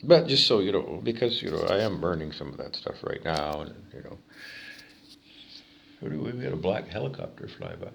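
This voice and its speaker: A man in his fifties speaks with a Canadian accent in a somewhat low voice. He talks alone to the camera in a rambling, opinionated way, wandering between points and leaning on fillers. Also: big pitch swings, a little fast, creaky, muffled recording, a little hiss or hum. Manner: digressive, opinionated, with many fillers. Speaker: vlogger. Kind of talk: rambling solo monologue.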